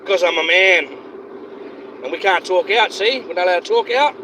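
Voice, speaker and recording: A man's voice: high voice, moderate pace, background noise. A man ranting heatedly on a livestream, swearing constantly and repeating himself. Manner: profane, heated, repetitive.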